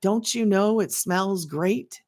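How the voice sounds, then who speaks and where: A woman putting on a mock sales pitch as a pushy saleswoman hawking a marker. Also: slow pace, darkish tone, natural voice.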